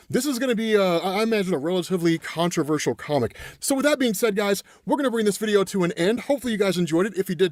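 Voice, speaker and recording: Chatty man with a lively, bouncing voice. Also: high-pitched, no room sound, studio quality. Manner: chatty, peppers speech with "right?" and "man"; retells scenes by quoting characters in his own voice. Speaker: comic book recap streamer. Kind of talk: casual storytelling recap.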